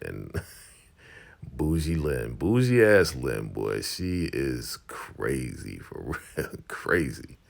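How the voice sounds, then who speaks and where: A man retelling a TV episode in a casual vlog, with animated, slangy storytelling. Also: a bass voice, extremely slow, creaky. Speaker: show recap host. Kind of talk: casual show recap vlog.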